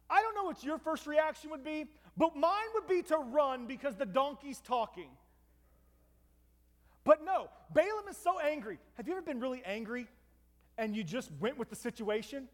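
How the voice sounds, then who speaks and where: High-voiced preacher in a reverberant hall. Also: male voice, normal speed. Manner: lively, dramatic retelling with asides to listeners. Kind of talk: storytelling sermon.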